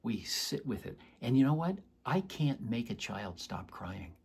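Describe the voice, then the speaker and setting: A man's voice: mid-range voice, sing-song, unhurried, vocal fry, darkish tone, breathy edge. A man, a doctor, explaining earnestly to camera and acting out quoted voices in his examples. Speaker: doctor teaching about chronic pain. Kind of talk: educational talk to camera.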